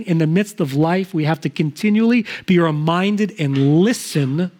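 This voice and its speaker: A man's voice: sits high, a little mellow. A middle-aged man, a pastor, delivering a sermon in an earnest, conversational way, with frequent restarts.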